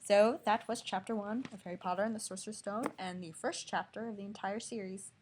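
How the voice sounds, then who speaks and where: A woman's voice: mid-range voice, steady tone, brisk, a little mellow, slight background noise. A woman, reading a book aloud for her channel and breaking off for chatty, laughing asides. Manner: laughs through casual asides.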